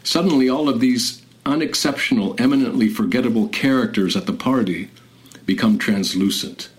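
A man hosting a show on literature, speaking in a measured, deliberate and scholarly way. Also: medium pitch, rough recording. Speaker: radio host. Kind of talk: literary commentary and reading.

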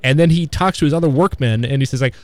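Halting, rambling man discussing old films. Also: mid-range voice, a little mellow. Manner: rambling, halting, many restarts and fillers. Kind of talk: casual film discussion.

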